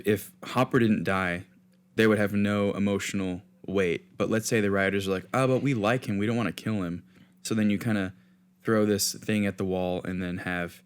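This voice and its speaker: A man's voice: on the low side, steady tone, normal speed, smooth. A man co-hosting a podcast, talking loosely with many restarts and fillers. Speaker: podcast co-host. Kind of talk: casual chat.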